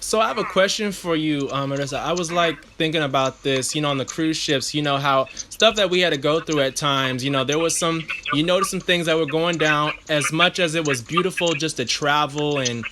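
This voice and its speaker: A man hosting a podcast in casual chat, with a Southern twang, easygoing and quick to laugh. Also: a little high. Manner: relaxed, laughs often, mocks voices playfully. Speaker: podcast host. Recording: noticeable background noise.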